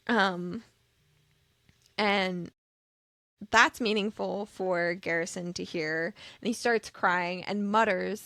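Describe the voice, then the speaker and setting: A woman's voice: fairly low pitch, takes it slowly, no room sound. Chatty woman podcast host, dry sound. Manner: animated, acts out character quotes in lively voices. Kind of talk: casual book discussion.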